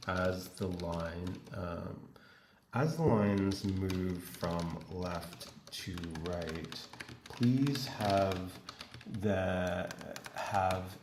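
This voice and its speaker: Slow, halting man dictating a prompt. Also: deep voice, reverberant, noisy background. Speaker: web developer. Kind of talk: dictating prompts to an AI coding tool.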